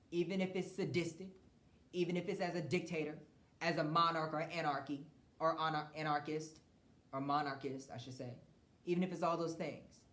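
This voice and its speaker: A man's voice: on the high side, a bit bright. A man hosting a podcast, giving a blunt, profane political rant with frequent mocking laughs and stumbling restarts. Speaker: podcast host. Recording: roomy echo.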